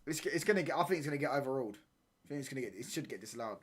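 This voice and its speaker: Guy streaming a footy watchalong, hyped and slangy, mid-pitched, reacting to every move. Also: very fast, slightly rough. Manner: excitable, slangy banter, reacting live to play. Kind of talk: live football watchalong commentary.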